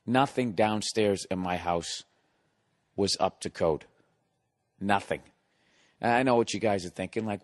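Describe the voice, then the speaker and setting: A man's voice: lowish voice, a little slow. Profane, exasperated male podcast host. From United States. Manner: profane, exasperated ranting with sarcastic asides. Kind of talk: solo comedic rant.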